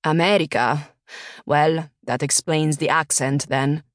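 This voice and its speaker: A woman reading an audiobook and voicing a tense, blunt male driver who speaks slowly and heavily. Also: sits low, fairly even intonation, dry recording, studio quality. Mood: guarded, blunt. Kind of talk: audiobook character voice.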